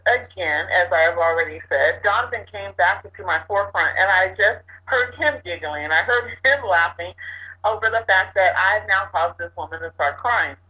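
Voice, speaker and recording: A woman co-hosting a casual talk show, telling a personal story in an animated way with laughs. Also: medium pitch. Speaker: co-host. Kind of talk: casual chat. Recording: dull lo-fi sound.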